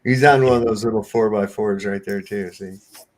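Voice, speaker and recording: A man's voice: fairly low pitch, fairly even intonation, moderate pace. A man hosting a live stream, easygoing and agreeable, thinking aloud as he clicks around on screen. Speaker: stream host. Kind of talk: casual chat.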